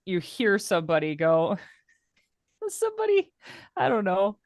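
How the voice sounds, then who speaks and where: A woman's voice: medium pitch, huge pitch swings, a little slow, a little mellow, dry recording, clean studio sound. A woman playing a tabletop role-playing game, narrating her moves in a rambling way and laughing often. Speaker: player.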